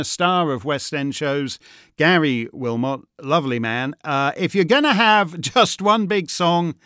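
A man's voice: on the high side, fairly bright tone, clear, resonant tone, no room sound, studio quality. Man hosting a heated commentary. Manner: digressive, stumbling restarts, prone to heated outbursts. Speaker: host. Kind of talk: opinionated commentary monologue.

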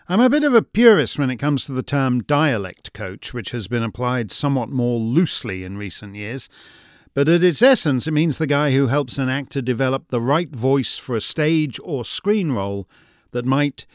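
A male host delivers scripted commentary with a wry, expressive touch. His pitch moves a great deal, rising and dipping through each sentence. The recording is dry and close, with no room sound. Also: no echo.

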